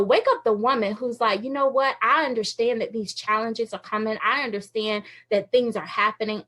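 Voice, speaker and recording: A woman giving a motivational faith talk to women viewers, animated and laughing often, acting out quoted thoughts in other voices. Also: fairly high pitch. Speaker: Christian women's ministry speaker.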